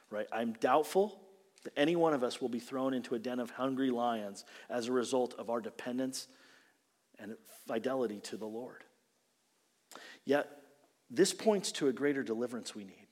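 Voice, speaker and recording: A male pastor preaching a sermon, retelling the story with animated, dramatic delivery and acted-out quotes. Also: on the high side. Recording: long reverb of a large hall.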